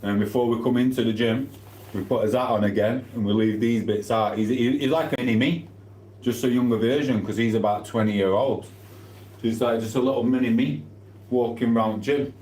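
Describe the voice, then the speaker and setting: A man's voice: medium pitch, steady tone, normal speed, a little mellow, a little hiss or hum. Chatty man, echoey room. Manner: chatty, reads out viewer comments while eating. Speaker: livestreamer. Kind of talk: casual live-stream chat.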